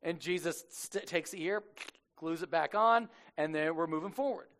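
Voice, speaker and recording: A man's voice: fairly high pitch, moderate pace, fairly bright tone. A man preaching a sermon in a casual, joking storytelling way, acting out the characters as he goes. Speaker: pastor.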